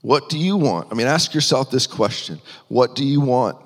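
A man's voice: mid-range voice, lively intonation, moderate pace. Man preaching in a reverberant hall. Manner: earnest, rising with emphasis, frequent restarts. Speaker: pastor. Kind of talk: sermon.

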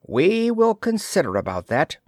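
A man's voice: a little high, wildly swooping pitch, unhurried, dry recording, clean studio sound, pitched above the performer's own voice. A man reading aloud, voicing a greedy fisherman's wife in a raised, insistent voice. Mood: demanding. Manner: insistent and commanding.

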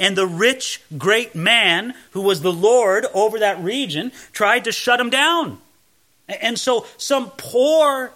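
A man's voice: sits high, bright, forceful tone. A man teaching the Bible verse by verse in a conversational way, reading a passage and then explaining it.

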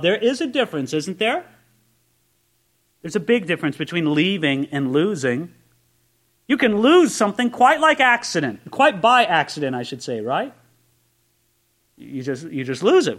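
Guy preaching, fairly high voice, chatty style with lots of "right?" questions, gets loud and excited then drops low and quiet. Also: moderate pace. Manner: conversational preaching with rhetorical questions; swings between loud excited asides and low quiet emphasis. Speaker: pastor. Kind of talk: sermon.

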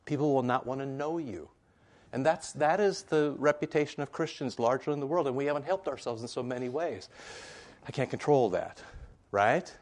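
Man, pastor, casual sermon, lots of "right?", mid-pitched voice. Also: normal speed. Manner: conversational and animated, full of asides and tag questions. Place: church sanctuary.

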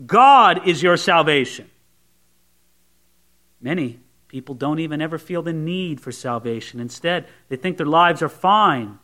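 A man preaching a sermon, his voice pitched high with a sharp, bright edge. He talks to the congregation in a conversational way, pressing points home with rhetorical questions. He drops to a hush and then rises again for emphasis. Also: expressive, measured pace. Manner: swings between hushed and raised emphasis. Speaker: pastor. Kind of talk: expository sermon.

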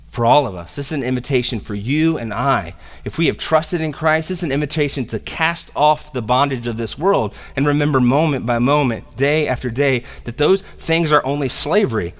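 A man preaching a sermon as pastor, animated and conversational, slipping into casual slang. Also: medium pitch. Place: church sanctuary. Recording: long reverb of a church hall.

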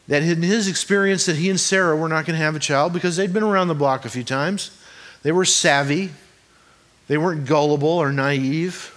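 Man preaching a relaxed, joking sermon. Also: on the high side. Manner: conversational, joking, asks the congregation rhetorical questions. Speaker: pastor. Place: church hall before a congregation.

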